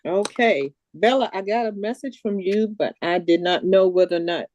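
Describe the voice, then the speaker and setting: A woman's voice: mid-range voice, moderate pace, darkish tone, lo-fi sound. A woman hosting a comedy show, giving brief, plain acknowledgements between sets. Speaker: show host.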